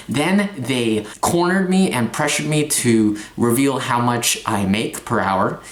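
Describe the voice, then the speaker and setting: A young man in a confessional vlog rant, talking in halting bursts with stumbling restarts and frequent swearing. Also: mid-range voice, animated, reverberant. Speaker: vlogger. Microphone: phone.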